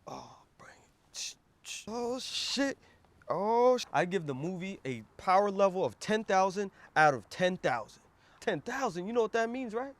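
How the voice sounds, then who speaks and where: A man hosting a comedic movie review vlog, animated and profane, breaking into quick comic skits. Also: sits high.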